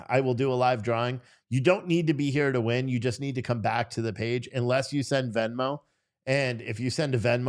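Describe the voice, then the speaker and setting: A tired man hosting a live stream, rambling through casual commentary and swearing freely. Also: mid-range voice. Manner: rambling and profane.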